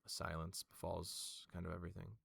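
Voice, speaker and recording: A man narrating a tabletop game as the game master, in slow, descriptive narration. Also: low-pitched, little pitch movement, creaky, fairly bright tone, husky, dry recording.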